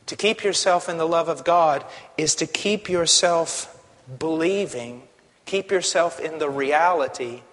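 A male pastor preaching a sermon, passionate, dropping to a hush and then rising to a shout. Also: on the high side, a little slow. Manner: impassioned, swings from hushed to shouting. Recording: long hall reverb.

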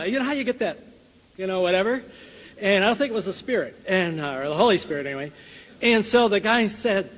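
Older man, high voice, chuckling storyteller, church talk, long hall reverb. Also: a little fast, slightly rough. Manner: lively storyteller who chuckles and acts out the scene. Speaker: Bible college teacher and speaker. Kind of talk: personal story told to a church audience.

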